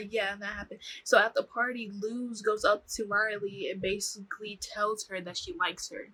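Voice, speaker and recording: In a low-quality recording, a young woman gives a chatty, slangy recap of a TV show to camera, animatedly performing the characters' lines. Her mid-range voice is slightly rough and moves at a normal speed.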